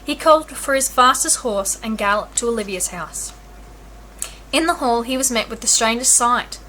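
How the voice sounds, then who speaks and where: A woman teacher reading a children's storybook aloud in an expressive, clear way. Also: a little high, moderate pace, a little hiss or hum.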